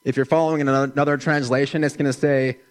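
A middle-aged man preaching a sermon in a slow, gentle, measured way, dropping his voice softly for emphasis. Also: mid-range voice, level tone. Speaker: pastor.

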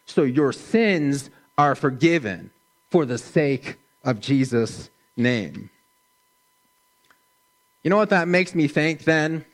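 A middle-aged man preaching a sermon in a slow, gentle, measured way, dropping his voice softly for emphasis. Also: medium pitch. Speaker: pastor.

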